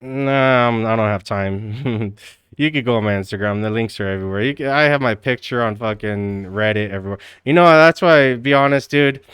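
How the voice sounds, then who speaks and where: Laughing, teasing man with a smooth voice. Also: mid-range voice, fairly quick, a bit bright, no echo, clean studio sound. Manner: teasing, profane, keeps breaking into laughter; slangy, says dude constantly. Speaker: live streamer. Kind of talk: casual live-stream chat.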